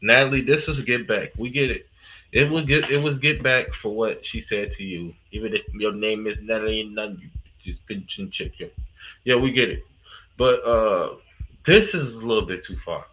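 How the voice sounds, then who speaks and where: A man's voice: on the low side, normal speed, pushed and bright, lo-fi sound. A man hosting a live reaction stream, talking in a casual, slangy, profane and emphatic way.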